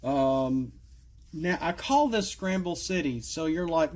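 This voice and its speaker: Man, middle-aged, rambling casual talk, slightly high-pitched, cracking voice, coughs, lots of fillers. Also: lively intonation, slow, darkish tone. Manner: rambling, many fillers and asides, self-deprecating. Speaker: card game creator presenting custom cards. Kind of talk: casual solo video talk.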